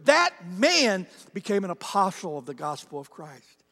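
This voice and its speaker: A man's voice: sits high, wildly swooping pitch, moderate pace, sharp tone, long reverb tail. A male pastor preaching a sermon in a conversational way, acting out the quotes in character voices.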